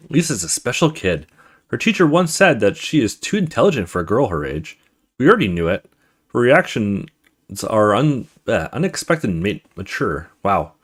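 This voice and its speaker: A young man hosting a let's play, reading a visual novel's text aloud with stumbles and quick asides. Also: fairly low pitch, husky.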